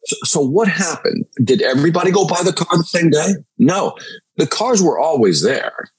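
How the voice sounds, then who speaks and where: A man, a sales trainer guest on a podcast, telling an energetic story and checking in with "right?" again and again. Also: fairly high pitch, normal speed, husky, rough recording. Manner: energetic, repeats "right?" to the listener. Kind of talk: animated storytelling.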